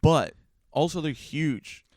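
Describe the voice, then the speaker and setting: A man's voice: fairly high pitch, lively intonation, slow, a little mellow, no room sound, studio quality. A man co-hosting a podcast in casual chat, loose and joking, swearing freely and acting out little bits. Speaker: podcast co-host.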